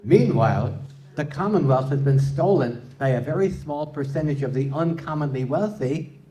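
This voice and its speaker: A man's voice: a little high, lively intonation, normal speed, mellow. A man performing a live stand-up comedy set, delivering puns to an audience in a hall. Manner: punning, playful delivery with audience laughter.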